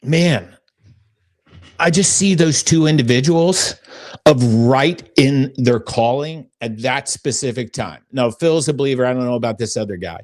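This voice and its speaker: A middle-aged man talks on a faith podcast, earnest and visibly moved as he tells a long story. His speech wanders, full of fillers and restarts, and sits at an ordinary pitch for a man. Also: unhurried. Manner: earnest, emotional, rambling with fillers. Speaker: podcast host.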